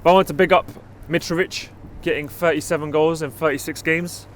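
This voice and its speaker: A man with a London accent co-hosting a casual football chat, relaxed, leading segments and talking to viewers. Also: on the high side, brisk, slight background noise. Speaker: podcast co-host.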